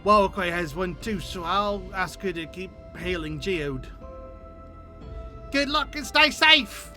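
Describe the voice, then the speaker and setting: Brief: urgent game ally with a strange put-on accent, read by a man, high and bright. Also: a little slow, faint music behind. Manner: reading game dialogue aloud in a voice.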